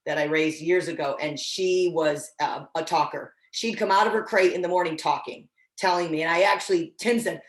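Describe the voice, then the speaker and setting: Woman dog-training instructor, lowish voice, casual and encouraging, echoey room. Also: moderate pace. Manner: casual, encouraging, with frequent restarts. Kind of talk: online training class.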